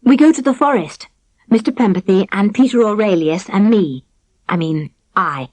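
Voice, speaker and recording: Brief: woman playing a young princess-turned-kitchen-maid for a storybook, bright, earnest, slightly prim, lively pitch. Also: normal speed, no echo, close to an everyday voice.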